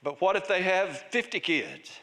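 A pastor with a fairly high voice delivers an emphatic sermon in a church. He reads scripture aloud and drives his points home by repeating key phrases. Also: huge pitch swings, moderate pace, pushed and bright.

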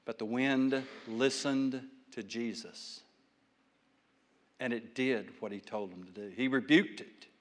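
Man, folksy preacher, big loud-soft swings, reverberant hall. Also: medium pitch, lively intonation, slow. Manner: folksy storytelling, dynamic swings between loud and hushed. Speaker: pastor. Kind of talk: sermon.

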